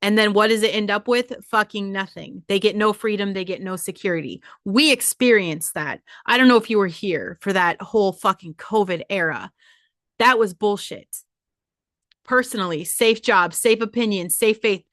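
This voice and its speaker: Woman, podcast host, motivational monologue: blunt, profane, exhorting; mid-pitched, dry close recording. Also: normal speed, a bit bright, dry recording.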